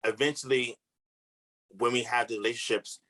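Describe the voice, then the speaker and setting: A man coaching on relationships in a relaxed podcast chat. His voice is bright and forward, and he makes his points earnestly in loose, slangy speech. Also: mid-range voice, moderate pace. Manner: earnest, advice-giving, casual slang.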